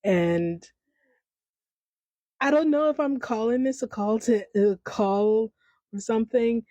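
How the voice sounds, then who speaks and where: A woman's voice: on the high side, slow, mellow, dry recording, poor audio. Rambling woman in her thirties, unscripted. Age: 30s. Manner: rambling, stream-of-consciousness, frequent restarts. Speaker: podcast host. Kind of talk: unscripted casual commentary. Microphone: home microphone.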